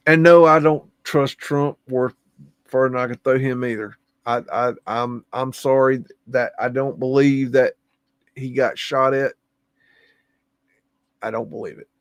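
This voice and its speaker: Gravelly man musing over photos. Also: mid-range voice, fairly even intonation, unhurried, pauses often, no echo. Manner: musing, humming to himself, easily amazed. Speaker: livestream host. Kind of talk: casual commentary on photos.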